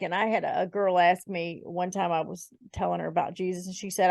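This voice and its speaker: A woman's voice: fairly low pitch, steady tone, a little fast, creaky, hardly any pauses, no echo, clean studio sound. A woman hosting a podcast, responding in a reflective, thoughtful conversational way. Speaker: podcast host. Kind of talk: conversational interview.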